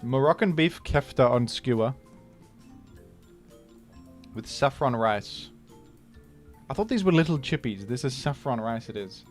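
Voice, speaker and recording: A young man of medium pitch sounds animated but talks a little slowly, with long pauses, over soft background music. Casually joking and rambling through his live game stream, he lets out loud exclamations when surprised.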